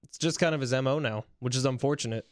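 A man's voice: medium pitch, quick pace. A man co-hosting a sports podcast who cracks jokes and keeps the show moving along. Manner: wisecracking, moves the show along. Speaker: podcast co-host. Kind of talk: casual sports talk.

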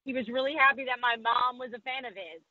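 A woman's voice: fairly high pitch, fast, dry recording, narrow, tinny audio. A woman sports reporter talking candidly in a podcast interview, poking fun at herself. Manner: candid, self-deprecating, quotes people in put-on voices.

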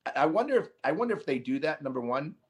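A man hosting a casual hockey podcast, talking in an animated, emphatic way with quick asides. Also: fairly high pitch, husky. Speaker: podcast host. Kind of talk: casual sports chat.

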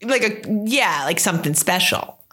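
Bright teasing woman friend. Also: fairly low pitch, lively intonation, normal speed. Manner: teasing, blunt, laughs easily. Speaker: best friend guest. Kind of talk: casual chat between friends.

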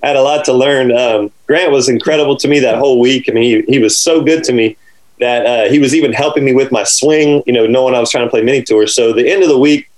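A man telling a lively anecdote about his caddying days in conversation. He laughs often and acts out other people's lines. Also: mid-range voice, quick pace, low-quality recording. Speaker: former caddie telling a story.

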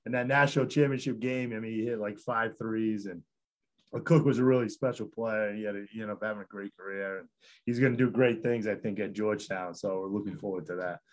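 Chuckling, rambling basketball coach. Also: male voice, fairly low pitch, steady tone, fairly quick. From Connecticut. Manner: rambling, self-interrupting storyteller, chuckles often. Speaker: head basketball coach, guest. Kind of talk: casual storytelling interview.

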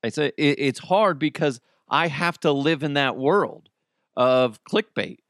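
A man's voice: fairly high pitch, a little slow, fairly bright tone, no room sound, studio quality. A man hosting his own podcast, rambling casually, joking at his own expense and laughing often. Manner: rambling, self-deprecating, laughs often, does silly voices. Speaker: podcast host. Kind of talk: casual solo podcast monologue.

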